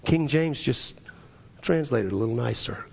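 A man preaching a sermon, telling a personal story in an earnest, halting way with many restarts. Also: medium pitch, expressive, vocal fry, a little mellow, a little hiss or hum. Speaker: pastor. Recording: echoey hall with long reverb.

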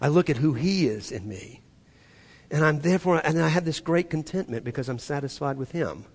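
A man preaching a sermon, his voice sitting a little high for a man. He moves between loud, emphatic preaching and hushed, soft passages, and he leads the congregation in call-and-response. The sound carries a long reverb from a church hall. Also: expressive, a little fast, husky. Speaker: pastor. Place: church sanctuary.

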